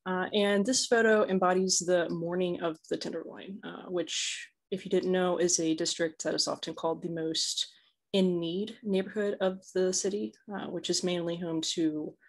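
A woman's voice: on the low side, fairly even intonation, normal speed. A woman presenting her photographs at a symposium, hesitant with frequent fillers. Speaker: student presenter.

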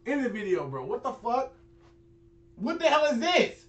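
A young man hosting a reaction video, talking in casual slang with loud, excitable outbursts and frequent swearing. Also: sits high, normal speed.

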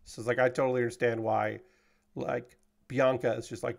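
A man's voice: medium pitch, little pitch movement, a little fast, creaky. A young man streaming as he builds a model kit, chatting casually and rambling with frequent fillers and casual swearing. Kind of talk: casual chat.

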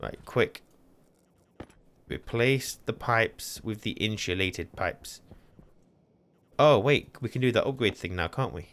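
A young man running frantic solo commentary on a game, talking to himself and repeating words fast. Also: lowish voice, fairly bright tone. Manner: panicky, talks to himself, repeats words rapidly. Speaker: gaming channel host.

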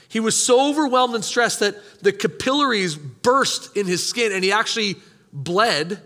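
A man's voice: high voice, expressive, normal speed, sharp tone, long reverb tail. A man preaching a sermon as pastor, talking conversationally and emphatically, putting rhetorical questions to his congregation. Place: church hall.

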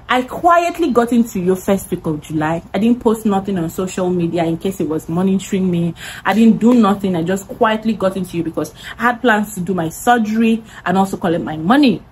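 A woman's voice: medium pitch, slight background noise, low-quality recording. A young woman with a Nigerian accent telling a dramatic story-time vlog, full of repetition for emphasis. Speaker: vlogger.

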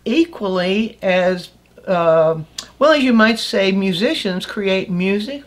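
An older woman explains painting ideas as an art teacher in a relaxed, conversational lesson. She talks thoughtfully, pausing on fillers and restarting sentences as she works out her point. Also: mid-range voice.

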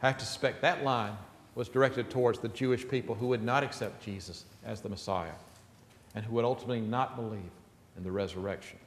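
A man's voice: mid-range voice, fairly quick, reverberant, big-room sound, a little hiss or hum. A man pastor preaching an earnest, emphatic sermon in a church sanctuary.

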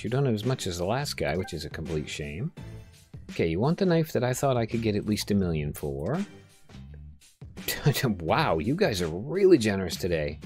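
A man's voice: on the low side, sing-song, normal speed, a little mellow, soft background music. A man casually commenting on his own game play, joking, reading the customers' lines aloud and talking to himself. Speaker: gameplay video host. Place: home room during a rainstorm.

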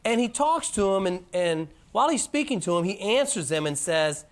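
A man teaching a Bible lesson in a casual, folksy way, reading scripture in a lower, slower voice. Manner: animated, drops to a low, slow voice for scripture quotes. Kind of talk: presentation lecture.

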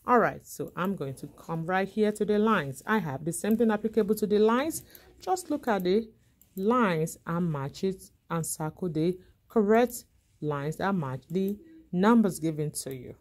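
A woman's voice: mid-range voice, animated, unhurried. A woman teacher walking young children through a worksheet, imitating animal sounds as she goes.

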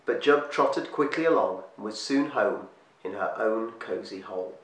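A man reading a storybook aloud as storyteller, slowing and hushing his voice for eerie moments. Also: lowish voice. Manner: slows and hushes for eerie moments. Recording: echoey room, distant mic, faint hiss.

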